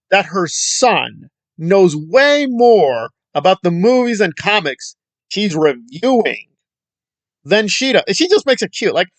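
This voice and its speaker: A man's voice: high voice, very animated, slow pace, dry recording. A man giving a ranting film commentary in a heated, rambling, sarcastic way.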